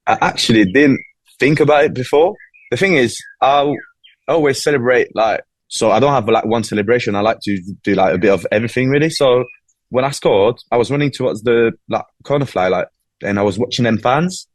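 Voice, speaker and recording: Relaxed English-accented man, dry sound. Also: mid-range voice, brisk, no echo. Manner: relaxed, rambling with many "like"s. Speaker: footballer. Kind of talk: casual interview.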